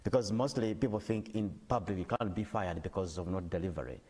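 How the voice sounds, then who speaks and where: A male TV anchor, asking measured interview questions. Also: low-pitched, a little mellow, breathy edge. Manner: measured, with short backchannel replies. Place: TV interview set. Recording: long reverb on the voice.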